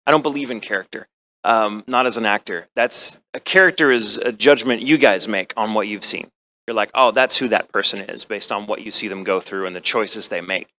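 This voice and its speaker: Bright-voiced man rambling on a panel. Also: mid-range voice. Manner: rambling, self-deprecating, with playful quoted asides. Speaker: voice actor at a convention panel. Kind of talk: casual panel talk to fans.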